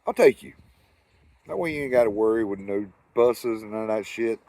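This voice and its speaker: A man's voice: lowish voice, brisk, dark tone, no echo, close to an everyday voice. A man doing an easygoing Texan guy. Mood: friendly. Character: easygoing male Texan driver, friendly and offhand.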